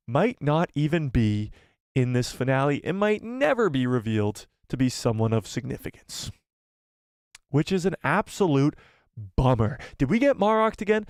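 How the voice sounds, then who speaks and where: Excitable man hosting a live chat. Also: medium pitch, normal speed, no room sound, studio quality. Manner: excitable, reads viewer comments aloud; casual swearing. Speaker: live stream host.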